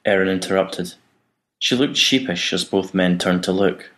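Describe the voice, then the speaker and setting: A man narrating an audiobook in an even, measured reading. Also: sits low.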